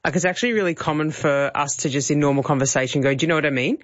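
A woman's voice: low-pitched, very fast, no room sound, dull audio. A woman with an Australian accent, a guest coach giving upbeat, instructive advice in a radio studio. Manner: upbeat, instructive, laughs often. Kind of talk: casual coaching chat.

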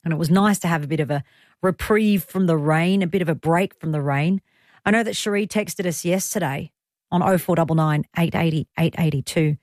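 A middle-aged Australian woman hosts a radio show from the studio, her lowish voice brisk and a little mellow. She chats casually and rambles, laughing easily, in clean studio sound with no echo.

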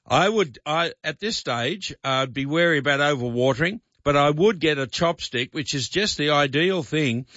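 A man with an Australian accent hosting a talkback gardening show, a little croaky, rambling with restarts and fillers. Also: a little high, lively intonation, normal speed, hardly any pauses, pushed and bright, no room sound, dull audio. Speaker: radio gardening show host. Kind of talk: talkback radio advice.

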